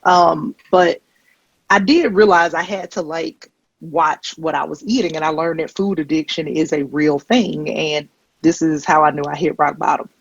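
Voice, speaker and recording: Woman comedian, deadpan stand-up, gravelly and husky, muffled lo-fi stage mic. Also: deep voice, normal speed, no room sound. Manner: deadpan storytelling with wry asides. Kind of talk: stand-up set. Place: comedy stage before a live audience.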